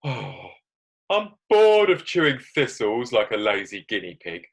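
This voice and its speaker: A man's voice: mid-range voice, very animated, measured pace, creaky, full character voice. A man voicing a small young male goat who grumbles and complains about being bored. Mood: grumbling. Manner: whiny complaining.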